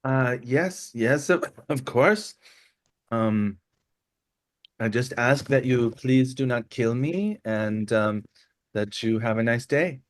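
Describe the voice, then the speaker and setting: A man performs a timid female kobold who speaks slowly and nervously. She keeps her voice soft and a little low, hedging every sentence with polite apologies. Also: expressive. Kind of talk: tabletop role-play voice.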